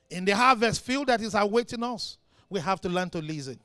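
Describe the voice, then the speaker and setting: A man preaching a sermon as pastor, impassioned, swinging between shouted lines and quiet ones. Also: high-pitched, expressive, a little fast, clear, resonant tone, no room sound, studio quality.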